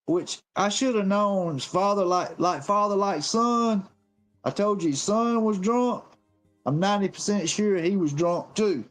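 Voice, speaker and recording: Profane high-voiced man. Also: unhurried, faint music behind. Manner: profane, animated, rambling. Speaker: guest on a live stream. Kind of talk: casual storytelling.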